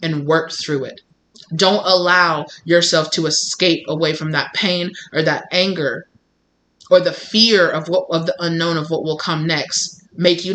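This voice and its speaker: Talking directly to her audience during a tarot reading, this speaker has a mid-range voice that's steady, unhurried, and sharp, over slight background noise. Her delivery is blunt and emphatic, full of repeated phrases, impersonations of others, and casual swearing.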